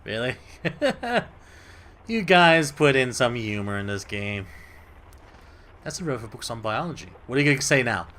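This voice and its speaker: A man commenting as he plays a story game, jokey and excitable, often laughing at himself. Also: mid-range voice, moderate pace, pauses often. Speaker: gameplay commentator. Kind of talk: let's play commentary.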